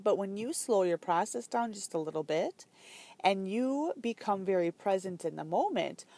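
A woman's voice: medium pitch, lively intonation, normal speed, warm tone. A woman talking as a fitness business coach in a casual, chatty way, full of fillers and emphatic asides.

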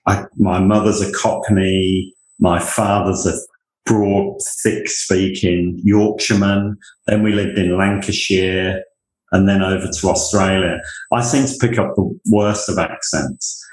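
A middle-aged Englishman with a Northamptonshire accent, a university leader, tells rambling, self-deprecating stories as a guest in a conversational interview. His voice is low, his intonation fairly even, and his pace a little slow. The recording is rough, with a roomy sound.

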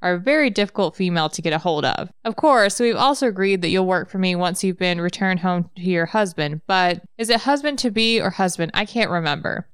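Woman voicing a smug scheming king, mocking tone, smooth voice, dry sound. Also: lowish voice, a little fast, few pauses, dry recording, natural voice.

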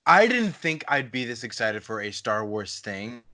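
A relaxed man in casual podcast conversation, easygoing and unhurried. His pitch sits in the middle range. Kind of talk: casual chat.

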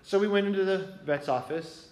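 A man's voice: high-pitched, moderate pace, darkish tone, a little hiss or hum. A man sharing an earnest personal story with a gathering, talking conversationally and often checking whether his listeners follow. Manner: conversational, asks listeners if it makes sense. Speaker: speaker sharing a reflection. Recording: echoey room with faint ambience.

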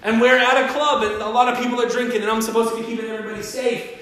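A man's voice: extremely high pitch, little pitch movement, rapid-fire, a bit bright. A man preaching a sermon as pastor, telling stories animatedly and acting out the voices of the people in them. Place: church hall. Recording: roomy church hall sound.

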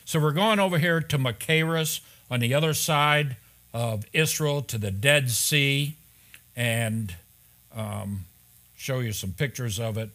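A man's voice: medium pitch, takes it slowly, bright, forceful tone. A man preaching an expository sermon as pastor, conversational and full of rhetorical questions, turning emphatic on key points.

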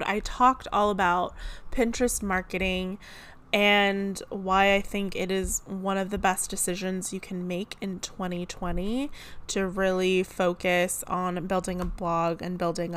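A woman's voice: mid-range voice, fairly bright tone, smooth. A woman hosting her own podcast, chatting casually and giggling often, with plenty of fillers. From California. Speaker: podcast host. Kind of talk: casual chat.

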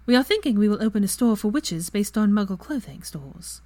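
A woman voicing a fierce, clever young witch in a fan story reading, pitched higher and louder than her narration. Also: expressive, a little fast, close to an everyday voice. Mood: bright.

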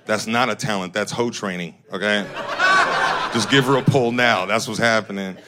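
A man from Northern California doing profane, animated stand-up comedy and laughing at his own lines. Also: on the low side, moderate pace, very noisy.

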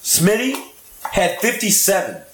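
A man with a high, lively voice recounts game stories with insistent energy. His voice rings out in an echoey room. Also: unhurried, slight background noise. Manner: storytelling, insistent. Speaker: gamer friend. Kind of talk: casual chat.

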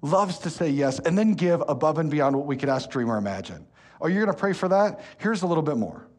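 A man, preaching a sermon as pastor, telling stories with lively energy and turning soft and slow when earnest. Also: a little high. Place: church hall.

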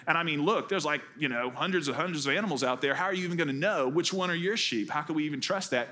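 A man's voice: a little high, fast talker, pushed and bright. Pastor, male, easygoing sermon delivery, storytelling with light jokes. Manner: conversational storytelling with wry humor. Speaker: executive pastor. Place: church.

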